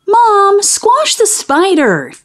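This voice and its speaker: A woman reading a storybook aloud, voicing an excitable, easily startled young schoolboy. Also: mid-range voice, normal speed. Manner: bright, excitable. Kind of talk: reading a children's book aloud.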